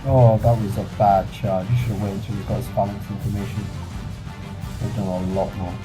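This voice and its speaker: Man, casual game commentary, slightly low voice, rambling and self-correcting, music playing behind. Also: flat delivery, a little fast, poor audio. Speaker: gameplay reviewer and commentator.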